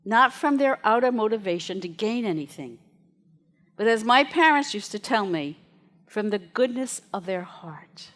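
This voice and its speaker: Speaking in a mid-range voice, a female minister delivers a sermon to her congregation. Her storytelling is lively and conversational, punctuated by laughter.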